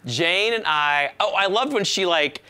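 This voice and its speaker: A male comedian telling gossipy showbiz stories in casual chat. His voice is bright and forward, with lively swings in pitch, and he acts out quotes as he goes. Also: a little slow, clean tone. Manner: chatty, gossipy storyteller who acts out quotes. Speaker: comedian guest.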